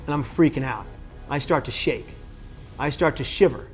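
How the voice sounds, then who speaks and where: A man's voice: medium pitch, moderate pace, faint music behind. A man speaking to camera about his own experience, telling it with energy and acting out the lines of other people in the story. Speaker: suicide prevention speaker.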